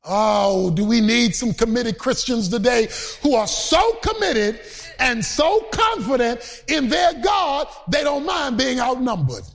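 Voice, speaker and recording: A man preaching a sermon in a very high, lively voice that swoops up and down as he chants and shouts his points. He takes his time and drawls the words out slowly, then drops into casual joking asides to the congregation. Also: faint music behind. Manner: emphatic, shouting and chanting in a sing-song cadence.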